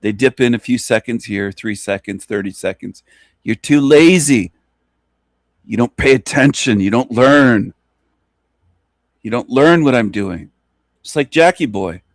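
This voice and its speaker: A man's voice: mid-range voice, unhurried, pauses often, no echo, studio quality. A man hosting his own channel, delivering a taunting, contemptuous monologue full of repeated jabs. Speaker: channel host. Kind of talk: ranting monologue.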